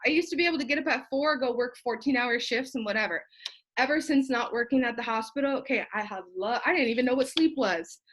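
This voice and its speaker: Fast and fairly high, with a bit of brightness, this young woman's voice carries a live video pep talk to her sales team. She's feverish and sweaty but fired up, rambling with profane jokes, casual swearing, asides, and laughs.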